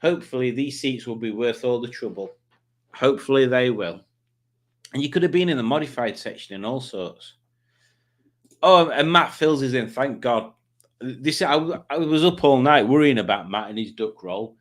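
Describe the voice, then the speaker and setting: A man chats casually on a livestream, reading out viewer comments. His voice sits at an ordinary middle pitch. He rambles, jokes and trips over his words as he goes. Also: animated, moderate pace. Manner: rambling and jokey, with frequent ums and self-corrections. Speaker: livestream host.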